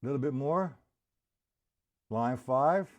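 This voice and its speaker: A man's voice: medium pitch, slow pace. A man teaching a live-streamed drum lesson, breaking patterns down step by step, counting beats aloud and speaking to viewers by name.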